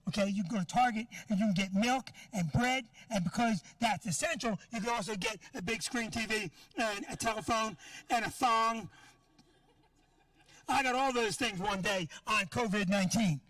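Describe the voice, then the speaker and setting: Onstage at a comedy club, a middle-aged comic delivers a stand-up set as a brash, foul-mouthed rant at normal speed. He has a very high, bright, forceful voice. The sound is dry with no echo, captured from afar.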